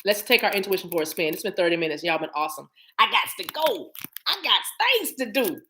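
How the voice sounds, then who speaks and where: A woman's voice: fairly low pitch, animated, fast, bright, forceful tone, slight background noise. A woman doing a live-streamed oracle card reading, reading card text aloud and then talking it over with her viewers in a chatty, familiar way. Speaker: spiritual card reader.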